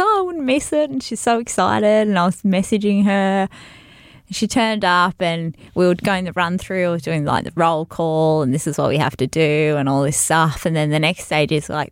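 A woman with a lowish, gravelly voice tells a story in casual chat, animated and laughing often. She acts out what people said. The sound is dry and close. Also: no echo.

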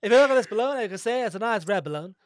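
A man's voice: sits high, lively intonation, racing, dry recording, studio quality, pitched above the performer's own voice. A man voicing a boastful, posh old-time male balloon pilot, talking in a showy, blustering rush.

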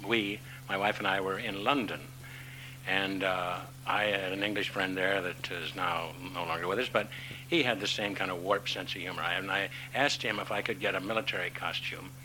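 Older guy w/ low voice telling a long story, stops and restarts a lot, noisy recording. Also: bright, forceful tone. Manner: rambling with restarts, chuckling. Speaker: panel guest. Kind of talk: anecdotal storytelling. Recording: noisy live panel recording.

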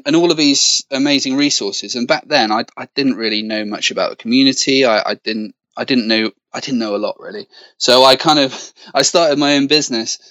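A man's voice: medium pitch, fairly bright tone, no room sound, muffled recording. An English man from Gloucestershire, a podcast guest, talking casually in a rambling, self-deprecating way with many ums and restarts over a video call. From Gloucestershire, England. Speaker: podcast guest, web business owner. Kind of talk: casual interview chat.

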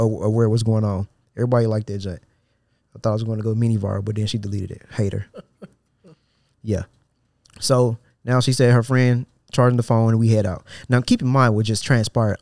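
A man's voice: mid-range voice, a little mellow, no room sound, clean studio sound. A man hosting a podcast, reading a social media thread aloud in a loose, slangy way and stopping often to mock it with sarcastic disbelief. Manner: sarcastic and incredulous, breaks off reading to mock the poster; loose, slangy delivery with frequent restarts. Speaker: podcast host.

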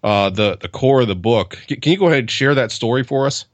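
A man hosting an interview, asking warm questions in a halting way, with many fillers. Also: medium pitch, animated, no room sound, lo-fi sound. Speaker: interview host.

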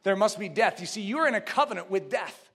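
A man preaching a sermon, swinging between shouted emphasis and hushed low asides, building rhythmic repeated phrases. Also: lively intonation, brisk, slightly rough.

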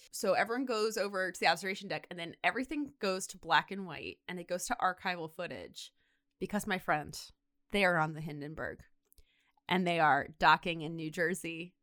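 A young woman co-hosting a podcast, casually retelling a story in a chatty, animated way, full of fillers and swearing. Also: fairly low pitch, normal speed. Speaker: podcast co-host.

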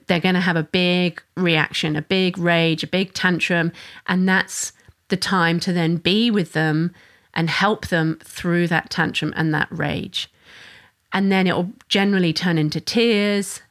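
A mother and parenting educator giving an earnest, flowing solo talk, often restarting her sentences. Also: lowish voice. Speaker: mother of a young son.

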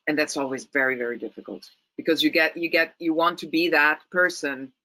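A woman's voice: low-pitched, brisk, sharp tone, dry recording, poor audio. A woman from Rome speaking English with an Italian accent, an actress talking thoughtfully in an interview with frequent restarts. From Italy, Rome. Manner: thoughtful, many restarts and repeated words. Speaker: actress, guest. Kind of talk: interview conversation.

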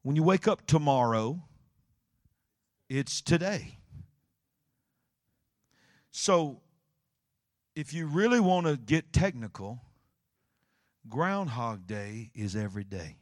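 A male pastor preaching a sermon, telling a story with dramatic swings from hushed to shouting. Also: medium pitch, takes it slowly, long pauses, dry recording, studio quality. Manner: animated storytelling, acting out scenes, swinging from quiet to shouting.

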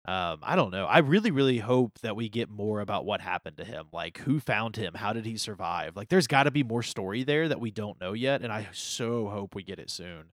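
A man's voice: on the low side, expressive, dry recording, studio quality. Laughing, enthusiastic man in casual chat. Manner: enthusiastic, laughs often, quick asides. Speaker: podcast co-host discussing anime.

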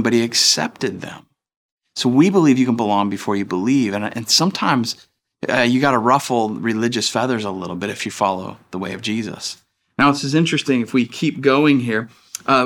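A man's voice: mid-range voice, a bit bright. A man in his thirties preaching a sermon as pastor, in a casual, chatty way that acts out the people he quotes.

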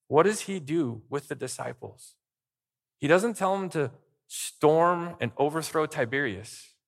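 A man's voice: a little high, fairly bright tone. A pastor preaching a sermon, stressing his points with repeated lists. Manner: emphatic preaching with list-like repetition.

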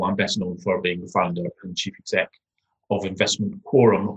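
A man with a Scottish accent, a founder speaking as a guest on a podcast interview over a video call, relaxed and rambling. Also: on the low side, muffled recording. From Scotland. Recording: echoey room on a call.

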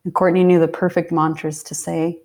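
Gravelly, lower-voiced woman telling her story. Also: flat delivery, brisk. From Pennsylvania, USA. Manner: heartfelt, drops to soft whispers when recalling intense moments. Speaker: podcast guest. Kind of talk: casual storytelling.

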